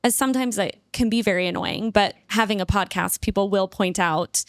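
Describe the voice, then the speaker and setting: A woman's voice: mid-range voice, brisk, no echo, clean studio sound. A woman with a Utah accent hosting a podcast, who adds a k sound to her -ing endings. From Utah, USA. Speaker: podcast host. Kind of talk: casual interview chat. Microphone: podcast microphone.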